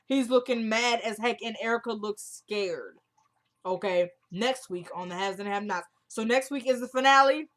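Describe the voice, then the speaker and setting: Retelling a TV drama episode line by line, this woman vlogger keeps it casual with lots of "she goes" and slangy phrasing. She talks at a moderate pace in a voice on the high side with a bit of brightness.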